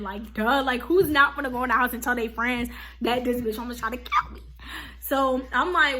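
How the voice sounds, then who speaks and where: A young woman vlogger telling a casual storytime, animated and slangy, full of "like" and "okay?". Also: high voice, normal speed.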